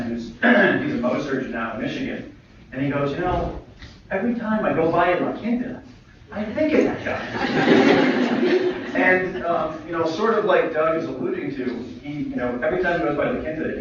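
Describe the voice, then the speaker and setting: A man's voice: mid-range voice, background noise. Chatty man telling stories in an echoey hall. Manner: chatty, filler-heavy storytelling with humor. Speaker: physician speaker. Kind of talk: memorial tribute talk with anecdotes. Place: lecture hall. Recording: echoey hall, distant mic, dull livestream audio.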